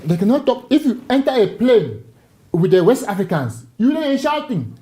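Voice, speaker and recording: Male talk show guest. Mellow, animated storyteller who restarts his phrases. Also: very high voice, moderate pace, rough recording. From Cameroon. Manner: animated storyteller, repeats words when starting a thought.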